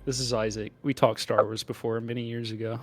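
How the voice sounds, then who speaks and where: A man's voice: medium pitch, level tone, fairly quick, no room sound, soft background music. A man co-hosting a casual podcast, joking and rambling as he laughs often. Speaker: podcast co-host.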